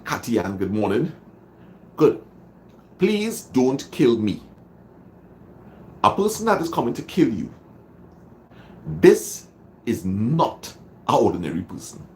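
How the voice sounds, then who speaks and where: A man's voice: fairly low pitch, slight background noise. A man with a Trinidadian accent hosting a motivational livestream, greeting viewers and repeating phrases dramatically for emphasis. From Trinidad and Tobago. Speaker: livestream host.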